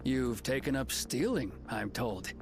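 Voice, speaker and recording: A man voicing a shifty, corrupt frontier lawman in a video game, smug but quick to stammer. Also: medium pitch, lively intonation. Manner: smug, then stammering when caught. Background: game music.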